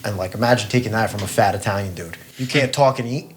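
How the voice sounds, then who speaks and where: A man's voice: on the low side, fast talker, a little hiss or hum. A man co-hosting a podcast, telling stories in a blunt, profane way. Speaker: podcast co-host. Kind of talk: casual podcast chat.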